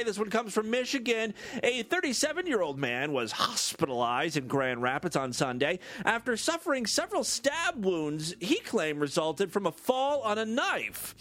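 A man's voice: high-pitched, a bit bright. A man hosting a comedy podcast, reading odd news stories with jokey asides and frequent laughs. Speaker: podcast host.

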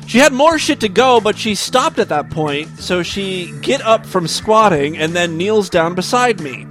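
A man's voice: high-pitched, expressive, measured pace, hardly any pauses, fairly bright tone, soft background music. A man hosting a podcast, reading a listener's story aloud and breaking off for wry asides. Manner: wry asides between read passages. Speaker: podcast host.

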